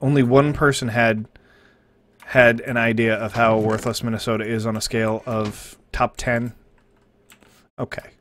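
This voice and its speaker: A man talks to his live chat in an average-pitched voice. He is sarcastic and swears freely, and now and then he slips into a mock sermon. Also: level tone, unhurried, pauses often, a bit bright. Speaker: live streamer. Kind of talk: casual stream commentary.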